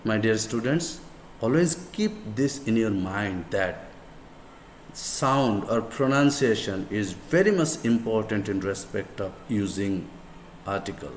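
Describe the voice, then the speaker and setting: A man whose first language is Bengali, with a Bangladeshi accent, teaching English grammar in a deliberate lecture style and repeating words and examples for emphasis. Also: lowish voice. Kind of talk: slow classroom lecture. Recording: echoey room with faint background noise.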